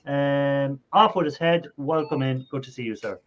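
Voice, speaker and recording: A man's voice: mid-range voice, normal speed, lo-fi sound, a little hiss or hum. A man hosting a casual live stream over a video call, chatty, with lots of fillers and laughter. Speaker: host.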